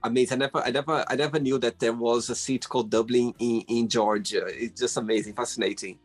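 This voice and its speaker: Uk guy hosting an interview, stop-start questions, mid pitch, soft music under. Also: fairly even intonation. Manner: halting, friendly questions with restarts. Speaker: interview host. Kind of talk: casual interview.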